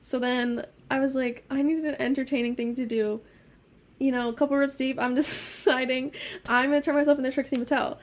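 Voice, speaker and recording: A woman's voice: high voice, a little fast. A young woman co-hosting a casual podcast, laughing often and swearing freely as she tells stories. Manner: giggly, swears a lot, animated storytelling. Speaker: podcast co-host. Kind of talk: casual chat.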